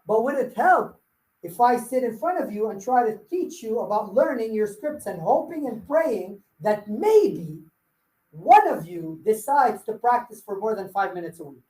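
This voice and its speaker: A man's voice: high voice, lively intonation, moderate pace, a little mellow, reverberant, low-quality recording. A man leading a live sales coaching workshop, blunt and firing rhetorical questions at his audience. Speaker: real estate sales trainer.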